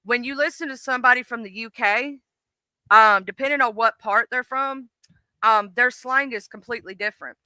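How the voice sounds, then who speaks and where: A woman's voice: on the high side, normal speed, sharp tone, no room sound. A middle-aged woman hosting a live stream in casual, rambling chat, full of fillers and restarts. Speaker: livestream host.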